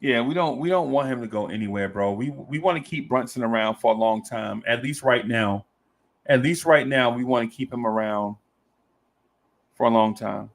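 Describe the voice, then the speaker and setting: A man with a gravelly, medium-pitched voice hosts a casual fan talk live stream at a moderate pace. He reads viewer comments aloud playfully, laughs easily, and often repeats his own phrases.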